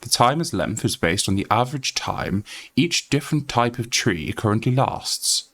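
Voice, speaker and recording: A man's voice: medium pitch, lively intonation, normal speed, fairly bright tone. A man with a Yorkshire accent, chatting casually on a game stream and reading notes aloud with many fillers. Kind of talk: casual live-stream chat.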